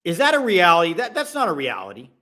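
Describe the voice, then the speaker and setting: A man hosting a casual sports podcast with live call-ins, talking in animated bursts with quick restarts. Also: sits high.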